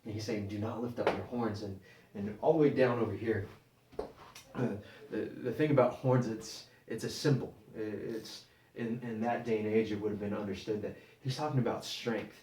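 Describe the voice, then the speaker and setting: A man preaching a sermon, halting and repeating words as he explains scripture. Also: on the low side, fairly even intonation, darkish tone, slight background noise. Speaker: pastor. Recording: echoey room, mic at a distance.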